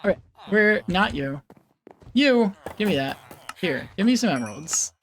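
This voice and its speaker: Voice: mid-range voice, sing-song, a little slow. A streamer chatting casually while playing a game, giggling, rambling and making playful animal noises between thoughts. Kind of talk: casual live-stream chat while gaming.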